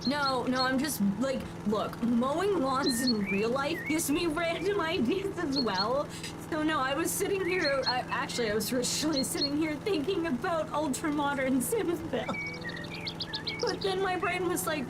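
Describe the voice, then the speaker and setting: A woman's voice: high voice, lively intonation, moderate pace, very noisy. Chatty woman streaming a game. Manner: rambling, chatty, answers chat, self-interrupting. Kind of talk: casual gameplay chat.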